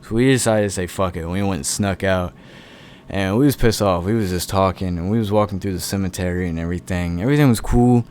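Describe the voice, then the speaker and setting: A young man tells a rambling, profanity-laced story in a relaxed, offhand way. His voice sits a little low. A faint hum of ambience lingers behind him. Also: fast talker. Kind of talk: casual storytime.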